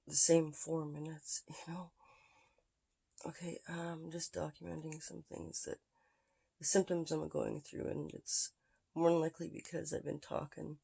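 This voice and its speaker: A vlogger talking casually into a handheld phone at home, with halting, drifting speech that often drops to a whisper. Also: mid-range voice, creaky, warm tone. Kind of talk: casual self-recorded vlog.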